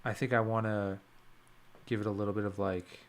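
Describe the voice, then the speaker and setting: Low-voiced man thinking aloud. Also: level tone, fairly quick, slight background noise. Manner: thinking aloud, self-questioning. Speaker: music producer live-streaming. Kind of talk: casual livestream commentary.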